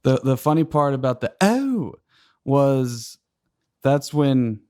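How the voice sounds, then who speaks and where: A man's voice: medium pitch, fairly even intonation, slow pace, dark tone, clear, resonant tone. Casual cursing male podcast co-host. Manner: laid-back, swears freely. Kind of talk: casual chat.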